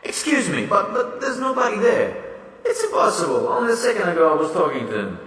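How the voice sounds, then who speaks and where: A nervous female event organizer played by a man pleads in a high, lively, bright voice. She sounds frantic and rushed. The voice comes from well away from the mic in a big, reverberant hall. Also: heavily acted. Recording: echoey hall, far from the mic.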